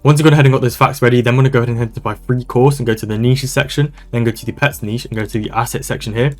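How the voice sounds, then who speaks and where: A man walking through a software tutorial over a screen recording, talking in a brisk, casual, upbeat way. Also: mid-range voice, steady tone. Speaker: online business coach.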